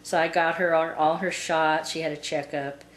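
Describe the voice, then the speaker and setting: At a normal pace and with fairly even intonation, a low-voiced woman recounts a lengthy tale about her pet. She meanders casually, filling gaps with lots of "and, uh." Faint background noise and a roomy sound surround her.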